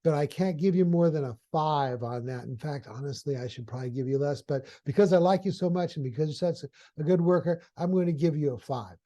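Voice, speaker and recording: Chatty, apologetic male office boss in a mellow, slightly high voice, giving a review, put on by a male storyteller. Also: brisk, lightly acted. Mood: coaxing. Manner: chatty, apologetic, softening bad news.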